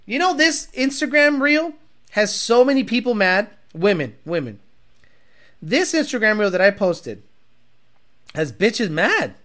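Profane animated man ranting about cars. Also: high voice, a little slow, pauses often. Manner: profane, animated, with sudden bursts of Spanish. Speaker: car tuner and show host. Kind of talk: casual rant.

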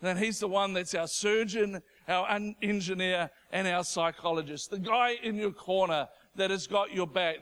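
A male preacher losing his voice, delivering an impassioned sermon that builds to shouting. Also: sits high, clean tone.

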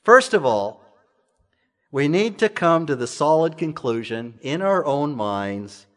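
A man's voice: a little high, very animated, slow, fairly bright tone. A man preaching a sermon to his church in a conversational way, full of rhetorical questions and repeated phrases. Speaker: pastor.

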